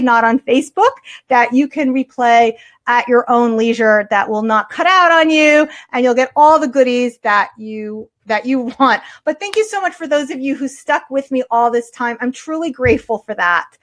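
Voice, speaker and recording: A woman with a New York accent, an art teacher hosting a live webinar and answering viewers' questions in an upbeat, chatty way. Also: sits high.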